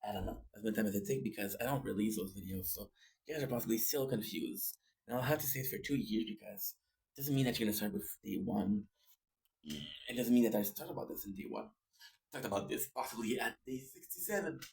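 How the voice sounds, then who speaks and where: A man's voice: fairly low pitch, animated, a little fast, gravelly, darkish tone, husky. Goofy rambling man. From Canada. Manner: goofy, rambling, breaks into sung bits and jokey voices. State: short on sleep. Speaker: vlogger. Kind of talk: rambling daily video diary.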